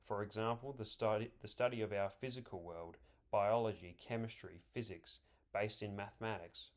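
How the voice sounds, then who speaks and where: Scripted political commentary comes from a man whose voice sits on the low side. He reads quotations deliberately and evenly, putting weight on important words.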